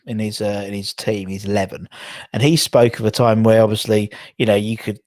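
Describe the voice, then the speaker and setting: A man's voice: lowish voice, little pitch movement, brisk, darkish tone, dry recording, clean studio sound. A man hosting a casual football chat, telling stories in a rambling way with lots of fillers and restarts. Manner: chatty, rambling storyteller with frequent fillers and restarts. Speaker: podcast host.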